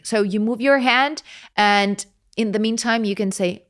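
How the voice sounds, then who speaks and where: A young Italian woman speaking English as a guest in a casual chat, animated and laughing as she explains with examples. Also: fairly high pitch, unhurried. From Italy.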